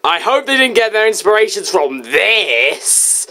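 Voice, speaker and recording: Lively, goofy game reviewer. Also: mid-range voice, unhurried, hardly any pauses, slight background noise. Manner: goofy, rambling, self-mocking. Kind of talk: casual game review commentary. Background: game music.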